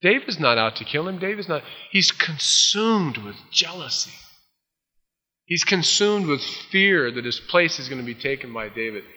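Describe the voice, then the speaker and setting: A man preaching, reading scripture aloud and then retelling it with lively acted-out voices. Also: a little high, normal speed, long reverb tail. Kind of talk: expository Bible teaching.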